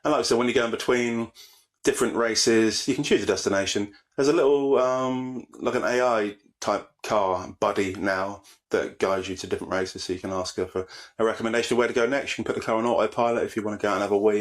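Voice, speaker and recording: A man co-hosting a casual podcast, his lowish voice running at a brisk clip. He chats in an easygoing way, explaining things at length. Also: fairly even intonation. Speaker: podcast co-host. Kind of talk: casual chat.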